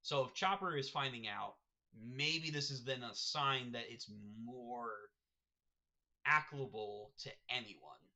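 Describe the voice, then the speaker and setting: A man reacting live to a manga chapter, reading panels aloud with excitable running commentary. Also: mid-range voice, measured pace.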